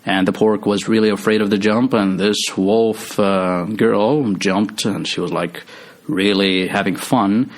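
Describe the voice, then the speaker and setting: A man's voice: on the low side, fairly even intonation, a little slow. A man casually retelling a movie's story, rambling with lots of fillers and restarts. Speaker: movie recap host.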